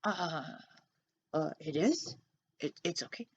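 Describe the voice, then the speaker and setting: A woman's voice: very animated, unhurried, a bit bright, dull audio, heavily acted. A woman voicing a shy, nervous young boy who stammers and gushes, on a children's storytime show. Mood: bashful. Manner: stammering, gushing, wide pitch swings.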